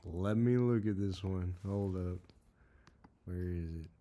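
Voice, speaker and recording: Joking man with a lowish voice. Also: takes it slowly, warm tone. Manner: jokey, teases his co-host. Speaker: podcast co-host. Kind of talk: casual chat, teasing.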